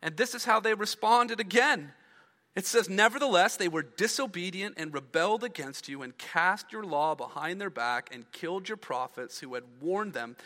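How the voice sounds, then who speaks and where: A pastor with a fairly high-pitched, sharp voice reads scripture aloud during a sermon, then explains it with rising emphasis and phrases that trail off and drop. A large hall gives the recording a long reverb.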